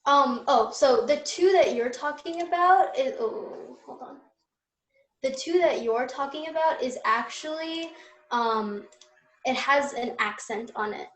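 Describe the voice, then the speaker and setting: A woman's voice: high voice, unhurried, reverberant, poor audio. A young woman tutoring an online Spanish class, explaining step by step with patient fillers.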